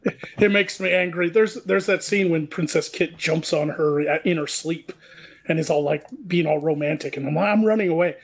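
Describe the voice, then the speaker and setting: A man's voice: a little high, normal speed, husky. A man on a casual panel chat who chimes in often with short agreements and quips. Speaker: panel guest.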